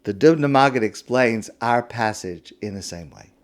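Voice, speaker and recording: A male rabbi giving a sermon, telling a parable in an expressive storytelling manner. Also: mid-range voice, moderate pace.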